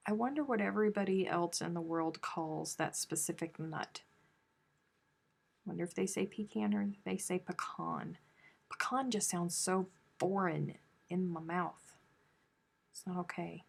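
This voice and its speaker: A woman's voice: on the low side, creaky. A woman hosting a crochet live stream, chatting casually and teasing as she reads viewer comments aloud.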